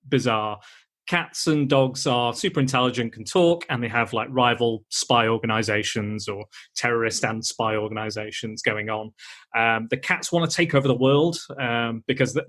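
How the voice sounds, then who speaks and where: A man with a mid-range, slightly bright voice hosts a podcast. He chats casually and rambles, with many fillers and restarts.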